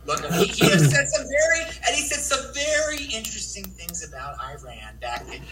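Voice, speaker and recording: An American man talking as a livestream guest, animated and rambling, stammering and repeating words as he goes. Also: high voice, moderate pace, reverberant, far from the mic, a loud crowd, poor audio. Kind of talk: livestream interview.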